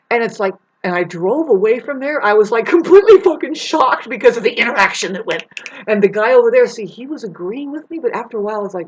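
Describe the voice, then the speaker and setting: A woman's voice: fairly high pitch, lively intonation, brisk, breathy edge, low-quality recording. A woman telling a rambling story in a casual monologue, swearing and acting out the people she describes. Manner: rambling, swears, acts out the people in her story with big voice swings.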